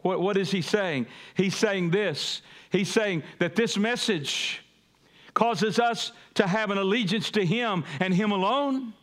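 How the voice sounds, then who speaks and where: A pastor preaching a sermon, calling on the congregation to repeat after him and building to emphatic peaks. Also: male voice, sits high, measured pace, fairly bright tone. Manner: call-and-response preaching, rising to emphatic peaks.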